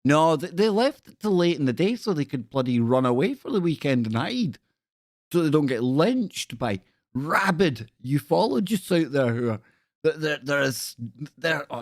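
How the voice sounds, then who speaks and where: A man's voice: fairly high pitch, sing-song, normal speed, no room sound, studio quality. A man hosting a live stream, chatting casually with viewers in a scornful, rambling way.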